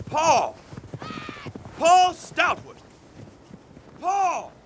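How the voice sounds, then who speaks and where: A slow, lively-pitched professor, learned and pedantic in a family audio drama. He lectures deliberately, with faint ambience behind him. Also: a little hiss or hum.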